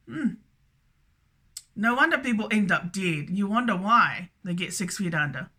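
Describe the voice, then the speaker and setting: Nz lady rambling on to camera, super bright sharp voice, stutters and repeats herself a lot. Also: medium pitch, expressive, unhurried. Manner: repetitive, stammering, keeps saying "that's correct". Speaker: video blogger. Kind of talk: rambling solo monologue to camera.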